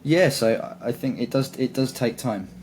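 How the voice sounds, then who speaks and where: A man's voice: mid-range voice, lively intonation, normal speed, darkish tone, slight background noise. A man chatting as a guitarist guest in an interview, talking in a rambling, enthusiastic way. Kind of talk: casual interview chat.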